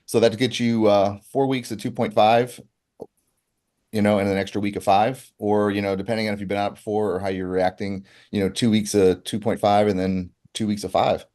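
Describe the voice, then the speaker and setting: A man co-hosting a live health stream, taking viewer questions and answering them plainly and calmly. He sounds easygoing and reassuring, with a voice a bit lower than most men's. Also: a little fast. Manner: relaxed, reassuring, matter-of-fact. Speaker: co-host reading viewer questions. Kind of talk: casual livestream chat.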